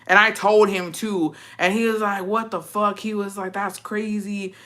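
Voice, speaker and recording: Speaking at a measured pace with a steady, fairly bright medium-pitched voice, a woman recounts something personal to her livestream audience. Her chat is casual and crude, her answers to comments blunt, and "bitch" comes up again and again.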